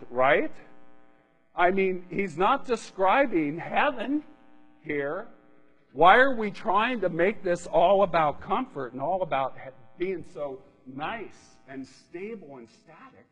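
A man's voice: high-pitched, expressive, slow, fairly bright tone, husky, muffled recording, soft background music. A man preaching a sermon in a conversational way, often checking in with his listeners by asking "right?". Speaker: pastor. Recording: long reverb of a hall.

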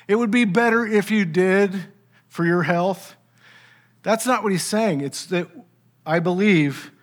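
A man's voice: on the high side, a bit bright. A man preaching a sermon, teaching in an emphatic, conversational way with rhetorical asides.

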